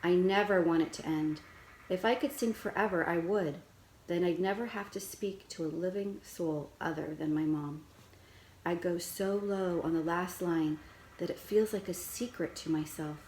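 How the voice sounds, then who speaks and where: A woman reading a children's chapter book aloud in first person, with steady, gentle storytelling. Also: lowish voice, moderate pace, echoey room, a little hiss or hum, low-quality recording.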